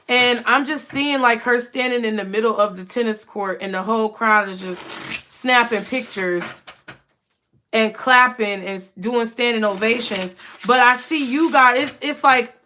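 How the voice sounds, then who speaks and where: A woman's voice: on the high side, sharp tone, a little hiss or hum. Emotional woman giving a spiritual reading. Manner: emotional, repetitive, addresses viewers as y'all. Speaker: tarot reader. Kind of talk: casual spiritual reading to camera.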